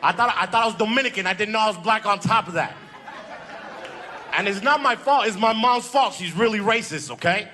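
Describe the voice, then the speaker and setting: A man's voice: high-pitched, brisk, sharp tone. A man doing a stand-up comedy set, playfully teasing the audience. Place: comedy club stage with a live audience. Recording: crowd laughter in the room.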